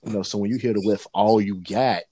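A man in casual chat, telling profane, animated stories as a co-host. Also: on the low side, brisk, husky, no room sound. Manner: animated, profane, lively storyteller.

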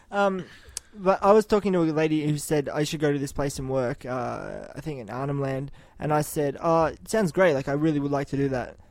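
A man co-hosting a podcast, teasing in a low-key way and going quiet at the ends of phrases. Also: normal speed, no echo. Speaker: podcast co-host. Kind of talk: casual chat.

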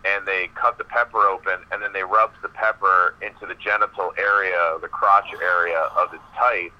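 A male professional wrestler, a guest on an interview podcast, telling a long backstage story in a rambling, animated way with many fillers. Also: low voice, normal speed, lo-fi sound.

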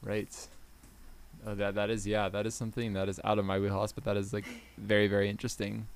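A man guesting on a podcast with a smooth radio-style voice, chatty and self-mocking, laughing often. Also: lowish voice, completely flat delivery, fast. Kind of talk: casual podcast chat.

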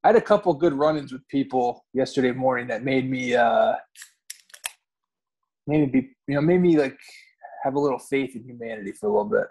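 A man's voice: medium pitch, brisk, a little mellow, husky. A man co-hosting a podcast, telling rambling, profane stories in casual chat and often correcting himself. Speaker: podcast co-host.

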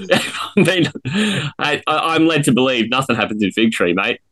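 A man's voice: mid-range voice, expressive, moderate pace, fairly bright tone. An Australian man hosting a fantasy football podcast, chatting enthusiastically with mates. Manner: enthusiastic, matey banter. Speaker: podcast host. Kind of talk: casual chat.

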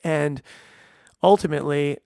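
A man's voice: on the high side, fairly even intonation, unhurried, gravelly, mellow, smooth, dry recording, clean studio sound. A middle-aged man, a veterinarian, talking casually and earnestly, stressing points with restarts and fillers. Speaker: veterinarian and podcast host. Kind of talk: casual monologue.

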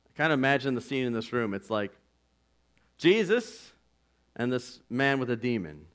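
A man preaching a sermon as pastor, earnest and conversational, swinging from loud declarations to hushed asides. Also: medium pitch, very animated, normal speed. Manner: earnest and conversational, with "like" and "you know".

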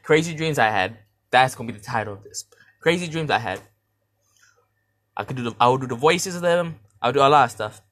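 Fairly quick but pausing often, this new young podcaster recounts a dream casually, with slang and frequent restarts. He acts out how he reacted, jumping from high, loud shouts to hushed mutters.

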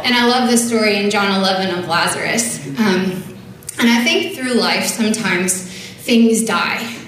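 Recorded from afar in a very echoey church hall, a woman speaking at a service reads scripture in a measured, fairly bright, medium-pitched voice. Her preaching is earnest and conversational, sprinkled with casual filler words.

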